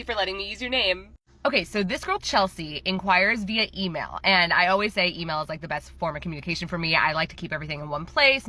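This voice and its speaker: A woman's voice: on the low side, pushed and bright. A young adult woman casually telling a story about a client to the camera, chatty and full of fillers, voicing both sides of the conversation.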